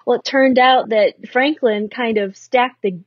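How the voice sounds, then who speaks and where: A woman telling an anecdote as a guest on a casual podcast, briskly, with quoted asides. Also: a little high, no echo. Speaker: guest, former stand-in. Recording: dull, dry lo-fi mic.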